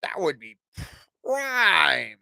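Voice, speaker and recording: A man with a high, bright voice talks loosely on his livestream show, swearing freely and jumping between voices for the people in his stories. The sound is dry and close, with no room around it. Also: wildly swooping pitch, drawn-out words, gravelly, no room sound. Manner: profane, rambling, acts out dialogue. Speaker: podcast host. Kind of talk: casual livestream chat.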